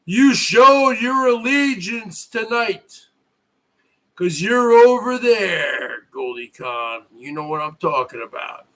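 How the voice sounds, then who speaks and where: A middle-aged man hosting his own live stream, ranting at viewers in a loud, mocking way and often breaking into shouts. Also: high-pitched, animated, takes it slowly. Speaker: livestream host.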